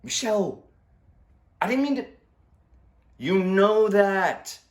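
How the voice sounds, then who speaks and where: A man's voice: high-pitched, lively intonation, takes it slowly, exaggerated voice. An actor playing a man who swears and pleads, begging his former partner to take him back. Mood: defensive. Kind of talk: dramatic monologue, voicemail.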